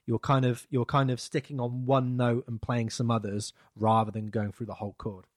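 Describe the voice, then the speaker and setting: A man talks loosely on a podcast, his sentences wandering and fading out at the ends. His voice sits at an ordinary middle pitch. The sound is dry and close. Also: little pitch movement, moderate pace, no room sound. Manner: rambling, chatty, trails off softly. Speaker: podcast co-host. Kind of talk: casual chat.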